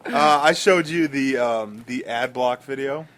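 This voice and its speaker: A man's voice: medium pitch, unhurried, a bit bright. A man co-hosting a casual podcast, rambling through stories with many fillers and restarts. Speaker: podcast co-host.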